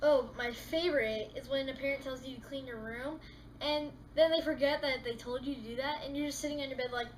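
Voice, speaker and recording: A woman vlogger in a casual comedic monologue, talking in an animated way and acting out little scenes with exasperated rants. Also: sits high, brisk, slight background noise, poor audio.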